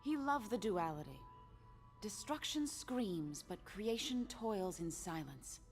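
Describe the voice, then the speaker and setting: A formal, guarded auction house host from a video game. Her pitch moves in a lively way as she stays polite and deflects questions. Faint music plays underneath. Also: takes it slowly. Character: evasive female auction house host, polished and nervous. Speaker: game character.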